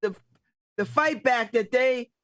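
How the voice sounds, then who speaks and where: A woman's voice: fairly high pitch, slow pace, fairly bright tone, no room sound. A middle-aged woman hosting a casual political talk show, blunt and emphatic, laughing often. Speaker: radio host.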